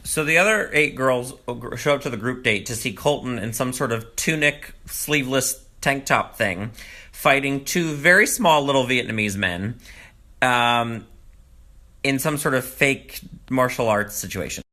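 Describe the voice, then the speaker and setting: Bright, chatty man recapping a reality show. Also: measured pace. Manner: animated, gossipy, swings into high mocking quotes. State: groggy morning voice. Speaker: recap vlogger. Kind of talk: casual commentary.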